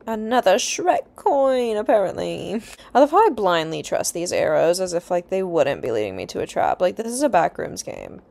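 A woman's voice: mid-range voice, sing-song, moderate pace, vocal fry, hardly any pauses, darkish tone. A young woman giving casual, easily scared let's-play commentary, chatty and swearing, with nervous laughs. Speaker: gaming YouTuber.

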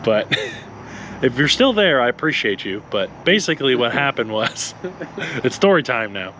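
A man's voice: mid-range voice, big pitch swings, a little slow, pushed and bright, slight background noise. A man co-hosting a car vlog, telling a road-trip story in a rambling way with a lot of laughing. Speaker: co-host of car channel. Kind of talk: casual chat, storytelling.

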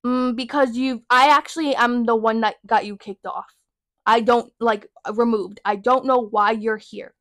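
A young woman in her twenties hosting a podcast, telling a work story in a sassy, profane, animated way. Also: fairly high pitch, moderate pace, dry recording, clean studio sound. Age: young adult. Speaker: podcast host. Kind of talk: casual storytelling rant.

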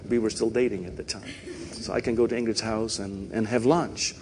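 Canadian pastor preaching in a reverberant hall. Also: male voice, fairly low pitch, lively intonation, brisk, a little mellow, a little hiss or hum. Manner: conversational preaching, frequent "right?" and "you know". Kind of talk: sermon. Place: church sanctuary.

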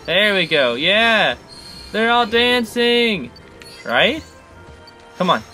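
An excitable man narrates his own gameplay and chatters at the creatures on screen. His voice sits fairly high, with a bright edge. His pitch leaps up and down all the time, and faint game music plays behind him. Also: extremely slow. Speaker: gaming channel host. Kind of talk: let's-play commentary.

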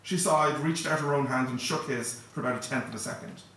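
A male author reading his novel aloud at a live event in a steady, measured first-person narration. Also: medium pitch, a little hiss or hum. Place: event hall. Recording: echoey hall, distant mic.

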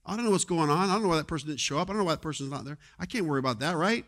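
A male pastor preaching a sermon in a conversational way, moving between quiet asides and loud exhortation. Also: fairly high pitch, lively intonation, racing. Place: church sanctuary.

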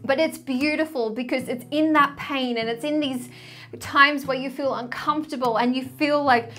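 A woman in her thirties, a spiritual coach, speaks to camera in a personal, confessional vlog, tearful and choked up, with soft music in the background. Her voice is high, steady, and sharp-toned at a normal speed. She sounds heartfelt and keeps repeating the word "literally."

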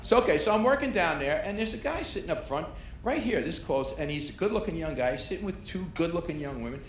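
A man's voice: on the high side, expressive, quick pace, a bit bright. A middle-aged man doing a stand-up set, telling a brash, punchy story and working the crowd. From New York. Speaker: stand-up comedian. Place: comedy club stage. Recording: echoey club with audience noise.

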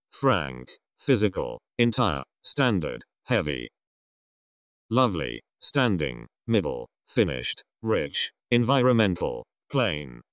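A low-voiced man reads a vocabulary list aloud at an unhurried, deliberate pace, each word set apart. His voice rises and falls with a lively, animated lilt. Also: no echo, clean studio sound. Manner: slow, deliberate word-by-word reading with lively pitch. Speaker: vocabulary reader.

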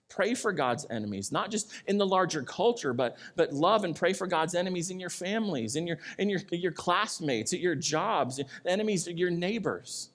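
A male pastor preaching a sermon, moving between loud pleading and quiet, earnest lines. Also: fairly high pitch.

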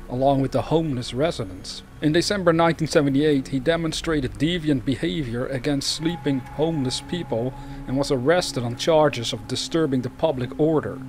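A man hosting a true crime channel, reading cases aloud and breaking off into rambling, chatty asides. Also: medium pitch.

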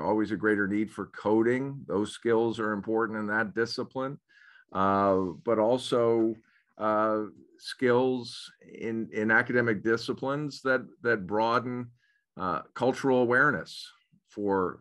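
Hesitant low-voiced man in a webinar. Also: fairly bright tone. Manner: hesitant, often repeats words and restarts phrases. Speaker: school administrator. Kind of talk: webinar presentation.

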